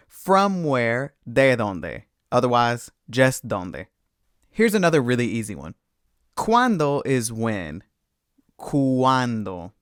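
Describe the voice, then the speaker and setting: A man teaching a Spanish lesson, explaining patiently and clearly with lively emphasis. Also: medium pitch, dry recording, studio quality. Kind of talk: scripted language lesson.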